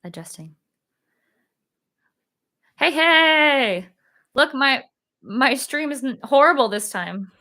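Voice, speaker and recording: A young woman hosting her own live stream, chatting casually and excitedly, with many fillers and laughs and sudden high squeals. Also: measured pace.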